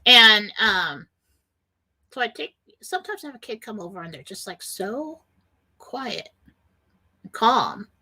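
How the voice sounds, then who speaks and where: Middle-aged woman host, bright clear voice, earnest and meandering, reassuring self-help talk. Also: medium pitch, very animated, unhurried, pauses often. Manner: earnest, rambling, quotes panicked voices. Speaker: radio show host.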